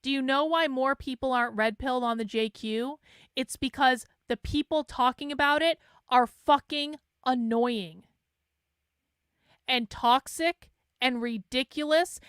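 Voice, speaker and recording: High-voiced blunt, swearing woman. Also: normal speed, clean tone, dry recording, clean studio sound. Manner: blunt and exasperated, swears freely; mocks others in flat mimicking asides. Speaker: online commentator host. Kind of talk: casual monologue.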